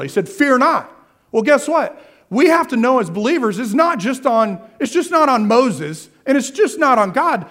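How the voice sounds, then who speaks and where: A man preaching a sermon as pastor, asking the crowd questions and answering them himself, repeating key phrases. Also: very high-pitched. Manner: repetitive, asks the crowd questions then answers.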